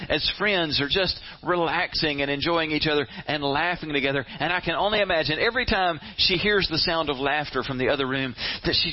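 A man preaching a sermon, retelling a story with animated flair and asking the audience questions directly. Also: on the high side. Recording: dull lo-fi sound.

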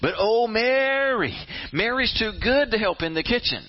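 A man voicing an overworked, indignant woman, complaining shrilly with drawn-out emphasis. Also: very high-pitched, animated, voice pushed up. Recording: dull lo-fi sound.

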